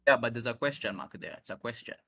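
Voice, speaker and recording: A man's voice: medium pitch, fast, sharp tone. A man calling into a heated religious debate, insistent, demanding proof and reading verses aloud.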